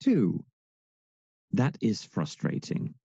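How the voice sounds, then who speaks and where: A male shop clerk in a listening exercise. His voice is very dark and husky, with intonation that swings widely up and down. The recording is dry and slightly dull. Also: fairly low pitch, huge pitch swings, extremely slow, no room sound, full character voice. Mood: varied. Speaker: exercise narrator and speaker.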